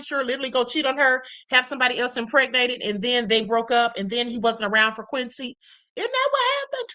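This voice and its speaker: Bright-voiced woman live-streaming, chatty. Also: high-pitched. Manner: chatty, addresses viewers as y'all, frequent "okay?". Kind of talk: live-stream commentary reading chat.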